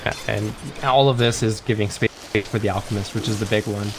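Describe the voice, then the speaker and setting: A man's voice: lowish voice, fairly even intonation, a little fast, noisy background. A man doing live color commentary on an esports match, explaining the teams' strategy and lane choices. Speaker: esports analyst.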